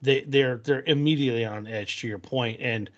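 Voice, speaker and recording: A man's voice: mid-range voice, normal speed, dull audio. A man co-hosting a podcast in casual chat, laying out an argument thoughtfully. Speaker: podcast co-host.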